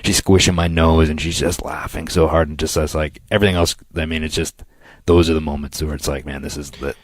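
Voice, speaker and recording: A man co-hosting a podcast, chatting casually and telling family stories, sometimes dropping to a low murmur. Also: level tone, brisk, dry recording. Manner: storytelling, drops to a near murmur when reflective. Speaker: podcast co-host. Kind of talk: casual chat.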